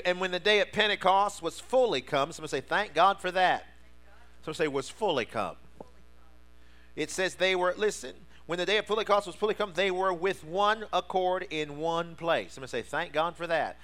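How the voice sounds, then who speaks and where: A man preaches with a high, ringing voice, drawing call-and-response from his congregation. He swings from low, confiding lines to fervent shouts. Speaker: pastor. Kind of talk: sermon.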